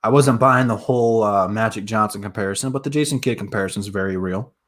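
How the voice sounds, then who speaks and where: A man's voice: fairly low pitch, fast, fairly bright tone. A young man from the Detroit area hosting a casual sports live stream, talking straight to viewers in a hyped way with lots of fillers.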